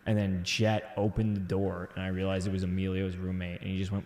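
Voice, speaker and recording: A young man co-hosting a casual late-night chat, telling stories excitedly with loud whoops. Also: deep voice, fairly quick, few pauses. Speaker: comedian co-host. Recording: echoey room.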